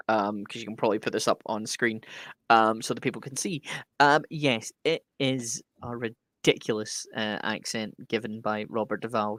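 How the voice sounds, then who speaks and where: Brief: male podcast co-host, jokey and excitable, casual sports talk, dead-dry sound. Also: mid-range voice, no room sound. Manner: enthusiastic, quick to joke.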